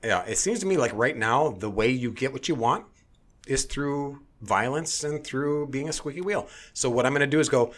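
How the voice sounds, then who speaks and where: A man's voice: medium pitch, moderate pace. A man hosting a casual chat, talking bluntly and heatedly, swearing often and restarting his sentences.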